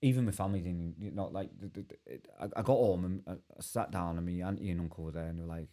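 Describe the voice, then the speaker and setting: A man telling his own story as a podcast guest, earnest and halting with many restarts. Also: deep voice, dark tone. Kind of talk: candid personal storytelling.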